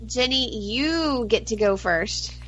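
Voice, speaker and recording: A woman co-hosting a podcast, bubbly and giggly, gushing with animated energy. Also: on the high side, slow, heavy background noise. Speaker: podcast co-host. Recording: dull lo-fi audio.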